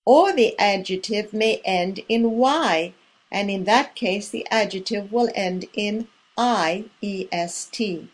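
A woman teacher reading a scripted grammar drill, enunciating carefully with pauses for the listener to repeat. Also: medium pitch. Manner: slow, measured, carefully enunciated with pauses for repetition. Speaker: language teacher.

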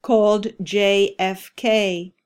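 A woman hosting an English-learning podcast, reading a scripted repeat-after-me drill with careful, deliberate enunciation. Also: medium pitch, level tone, a little mellow, clean tone. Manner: slow, carefully enunciated repetition. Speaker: ESL podcast teacher.

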